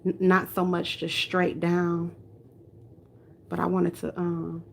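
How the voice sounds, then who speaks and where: A woman with a gentle country twang chats on a livestream while she roots hair into a reborn doll. Her voice sits low and unhurried, loose and conversational. A faint hum of room noise stays behind her. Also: completely flat delivery, vocal fry. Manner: chatty, talks while rooting doll hair. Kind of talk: casual livestream chat while working.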